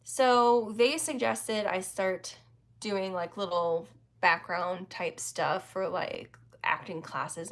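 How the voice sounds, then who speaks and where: A woman's voice: medium pitch, steady tone, takes it slowly. A woman in her forties hosting a livestream, telling a story in a chatty way, laughing often and talking with plenty of fillers. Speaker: livestream host.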